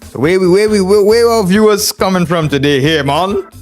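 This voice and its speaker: A man's voice: high voice, normal speed, soft background music. A man with a strong Trinidadian accent, chatting on a live chess stream in a boisterous, drawling way and tagging "man" onto his sentences. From Trinidad and Tobago. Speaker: chess streamer, international master. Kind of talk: casual live stream chat.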